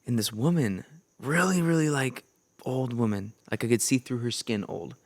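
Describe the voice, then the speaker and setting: A young man from Minnesota, a podcast guest, talking at an ordinary pitch. He tells his stories in an earnest, lively way and acts out the people in them with quick voice changes. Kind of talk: animated storytelling in casual chat.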